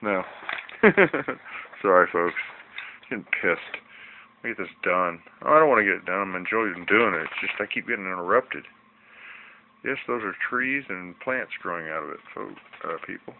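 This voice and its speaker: A man with a deep, gravelly voice rambles folksily through his fish tank project for a casual home video walkthrough, grumbling at the slightest annoyance. A cheap-sounding camera mic makes the audio tinny and thin, with a light hiss underneath.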